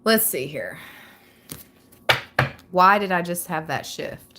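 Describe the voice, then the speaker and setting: A young woman reads tarot live on stream in an excitable, chatty way. She laughs often. Her tone is bright and forceful, and she speaks at an unhurried pace. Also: on the low side, a little hiss or hum. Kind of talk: casual live-stream reading.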